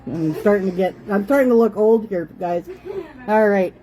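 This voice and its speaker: Mellow-voiced woman chatting from home. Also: mid-range voice, normal speed, rough recording. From Canada. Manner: chatty, motherly, breaks off to scold kids. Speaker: host. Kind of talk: casual home livestream chat. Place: home living room.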